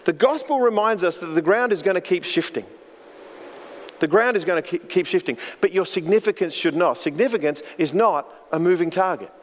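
A man's voice: high voice, fairly quick. A man preaching a sermon as pastor, earnest and storytelling, often repeating words as he goes. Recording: long hall reverb.

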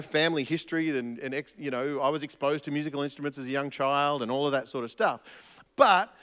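A fairly high-voiced man preaching with a lively, swooping delivery, often restarting and repeating himself for emphasis. His voice rings out with a long hall reverb around it. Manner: animated, with frequent restarts and emphatic repetition. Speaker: pastor. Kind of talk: sermon.

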